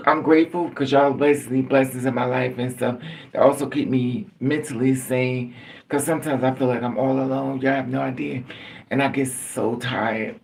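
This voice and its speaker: A man's voice: mid-range voice, vocal fry, a little mellow. A man hosting a live stream, telling personal stories in a rambling, chuckling way and often restarting his phrases. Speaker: livestream host. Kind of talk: casual storytelling to a live audience. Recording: distant mic.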